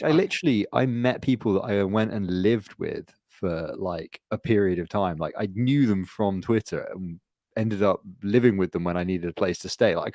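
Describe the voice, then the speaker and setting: A man co-hosting a podcast, rambling and swearing through animated casual stories. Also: sits low, dry recording, clean studio sound. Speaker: podcast co-host. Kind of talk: casual chat.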